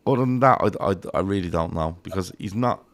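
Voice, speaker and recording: A man's voice: low voice, fast. An Irish man hosting a casual football chat podcast, rambling and swearing freely as he tells stories. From Ireland. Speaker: podcast host.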